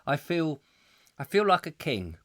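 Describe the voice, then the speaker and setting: Lively, jokey male live-stream host. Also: on the high side, unhurried, no echo, clean studio sound. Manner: chatty, jokey, animated, laughs often. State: recovering from a cough. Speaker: host of a live call-in show. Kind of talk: rambling comic live-stream chat.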